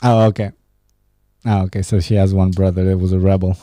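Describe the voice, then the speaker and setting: A young man from Romania hosts a casual solo podcast, talking loosely and profanely and laughing at his own jokes. His voice sits low and dark. It is recorded close and dry, with no room around it. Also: flat delivery, brisk, no echo. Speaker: podcast host. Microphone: studio podcast mic.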